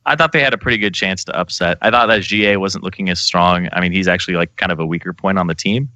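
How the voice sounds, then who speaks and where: A male esports analyst on a panel, giving quick, opinionated takes in casual talk. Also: low-pitched, bright, forceful tone, dry recording.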